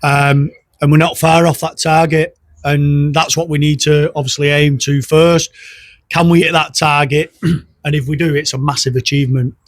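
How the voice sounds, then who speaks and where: A man's voice: a little high, level tone, normal speed, no room sound. A man, a football coach thanking the fans in a post-match interview, earnest and stumbling over repeated words. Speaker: club coach.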